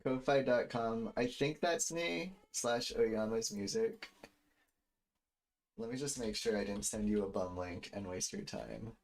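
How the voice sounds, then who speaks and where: A man's voice: on the low side, very animated, a little slow, vocal fry. A man in his thirties, a music producer, chatting casually and rambling to his stream viewers while he makes a beat. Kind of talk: casual livestream chat while making beats. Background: faint beat music.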